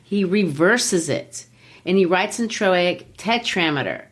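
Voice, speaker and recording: A woman hosting a literature podcast and explaining in a lively, teacherly way, with frequent "you know.". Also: on the low side, unhurried.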